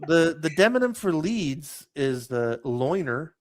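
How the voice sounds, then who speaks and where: A man's voice: on the high side, very animated, takes it slowly, dry recording, studio quality. A man on a casual podcast, telling a rambling story with lots of restarts and "like"s. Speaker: podcast host. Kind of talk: casual chat.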